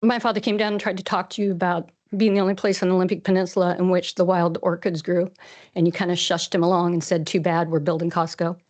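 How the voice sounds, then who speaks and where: A woman's voice: on the low side, flat delivery, quick pace, a little mellow. A woman farmer from Washington State giving public comment at a council meeting, earnest and rambling, audibly emotional. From Washington State, USA. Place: council chamber.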